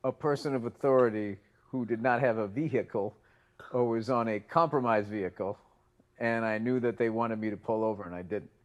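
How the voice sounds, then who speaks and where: A man's voice: fairly low pitch, a little fast, muffled recording. A man co-hosting a podcast, telling stories in casual chat and acting out both sides of the conversations. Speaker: podcast co-host.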